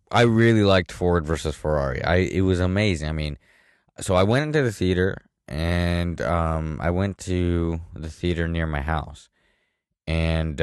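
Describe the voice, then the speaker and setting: A man's voice: low voice, clear, resonant tone, dry recording, clean studio sound. A young man talking to camera in a casual, rambling monologue full of fillers and restarts. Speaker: vlogger.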